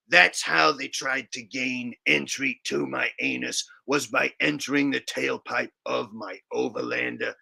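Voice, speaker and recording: A man's voice: medium pitch, gravelly, pushed and bright, slightly rough, voice pushed down, full character voice. A man putting on a Boston accent as a paranoid, rambling stoner in a comic improvised monologue. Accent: put-on Boston.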